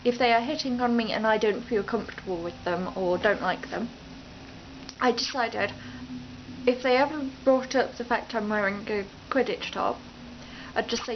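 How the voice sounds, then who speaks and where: A woman's voice: on the high side, moderate pace, muffled recording, noisy background. A young British woman from the East Midlands, rambling unscripted and chatty to her camera at home, often breaking off mid-sentence. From East Midlands, England. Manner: rambling, self-interrupting, chatty. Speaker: vlogger. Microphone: camera mic.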